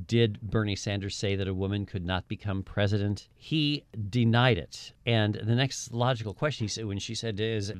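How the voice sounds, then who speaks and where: Low-voiced male panel show host. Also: dry recording. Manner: probing, leads topics. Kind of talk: panel discussion.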